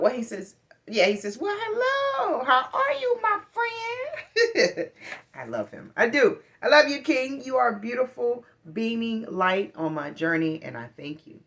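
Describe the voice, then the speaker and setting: Here is a woman with a fairly low voice speaking casually to her viewers. She rambles, with many "um"s, and stays earnest and encouraging throughout. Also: fairly bright tone. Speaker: vlogger giving life advice. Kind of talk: casual monologue.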